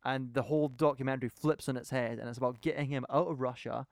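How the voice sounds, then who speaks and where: In studio-quality sound with no room noise, a man on a podcast talks quickly about a documentary, hopping from point to point with real enthusiasm during the casual chat. His mid-range voice is gravelly and fairly even in intonation.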